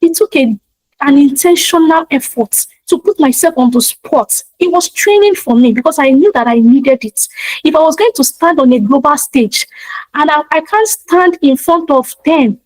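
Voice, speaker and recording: A woman's voice: sits high, animated, normal speed, darkish tone, no room sound, poor audio. A woman giving a motivational talk, speaking emphatically and repeating her key points in a preacher-like way. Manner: talks of her own practice in speaking to online audiences.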